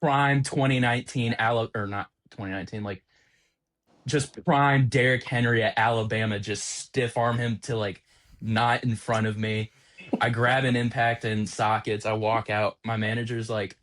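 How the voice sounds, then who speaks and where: A young man on a podcast, an auto technician telling an animated, exasperated story about a workplace prank. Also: mid-range voice, normal speed. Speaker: podcast co-host, automotive technician. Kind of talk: casual storytelling chat.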